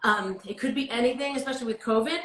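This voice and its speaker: A woman's voice: fairly high pitch, quick pace, fairly bright tone, reverberant, poor audio. A woman guest telling a heartfelt, rambling story about her faith in casual chat. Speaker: guest singer. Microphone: video call.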